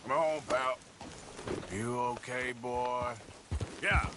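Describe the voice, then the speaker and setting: A slow, drawling western outlaw. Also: male voice, medium pitch, very noisy. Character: rugged male outlaw, calm with his horse. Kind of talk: video game voice acting. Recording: game audio with loud music.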